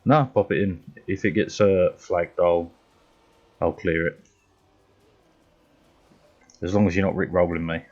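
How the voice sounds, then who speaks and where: A man's voice: low-pitched, steady tone, a little slow, long pauses, darkish tone, lo-fi sound. An English man streaming a video game, chatting casually with viewers in a rambling way with mild swearing. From England. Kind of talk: casual chat while gaming.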